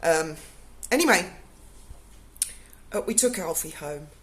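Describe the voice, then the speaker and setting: Low-voiced blunt woman. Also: animated, slow pace, a bit bright. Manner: emotional, blunt, swears freely. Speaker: vlogger telling a personal story. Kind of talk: casual spoken storytelling.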